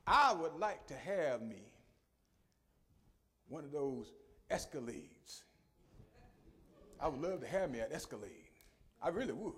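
A middle-aged man preaching a sermon, swinging from quiet conversational asides to shouted, sung peaks and calling on the congregation. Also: a little high, big pitch swings, unhurried, long pauses.

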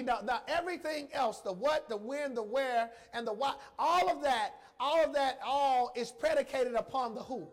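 A man preaching a sermon, emotional and emphatic, repeating phrases and calling out to the congregation. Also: very high-pitched. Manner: emphatic, repetitive, slow emphasis; emotional, addresses congregation directly.

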